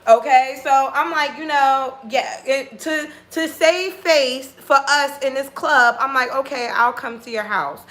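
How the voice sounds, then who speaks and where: This woman's voice sits high, and she keeps a measured pace with few pauses. Recounting a dating story for a casual vlog, she plays both people in the exchange, quoting their lines in a blunt, profane, animated way.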